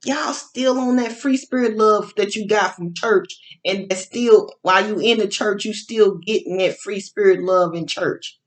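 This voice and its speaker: A woman's voice: mid-range voice, a little slow, few pauses. A woman giving a casual, sermon-like monologue about faith and love, with informal slang, repeating phrases for emphasis and often restarting her sentences. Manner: preachy, repetitive, building emphasis. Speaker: online speaker on faith and love.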